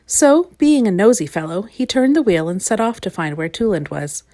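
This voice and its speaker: A woman reads a children's storybook aloud gently and expressively, with a medium-pitched voice at a moderate pace.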